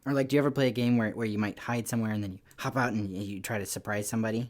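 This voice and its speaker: A man giving a lively children's church lesson, telling stories in an animated, playful way with little voices. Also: fairly low pitch, rapid-fire. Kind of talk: lively kids' lesson talk.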